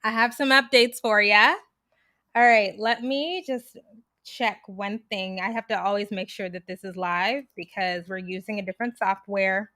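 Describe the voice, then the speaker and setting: A young woman chatting loudly on a live stream, projecting like a trained stage performer. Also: mid-range voice, moderate pace, no room sound, studio quality. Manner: loud, projecting theater voice, lively and chatty. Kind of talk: casual live stream chat.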